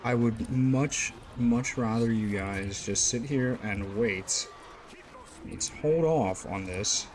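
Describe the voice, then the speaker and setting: A man's voice: mid-range voice, slow pace, slight background noise. A man giving casual, rambling gameplay commentary as host of a gaming channel, full of fillers and the odd curse. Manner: rambling, lots of fillers, occasional swearing.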